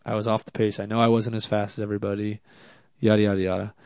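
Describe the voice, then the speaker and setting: Man, interview guest, drift driver, low smooth voice, chatty and self-deprecating, dry close sound. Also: quick pace, no echo. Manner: animated, self-deprecating, lots of fillers and "like". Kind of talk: casual storytelling interview.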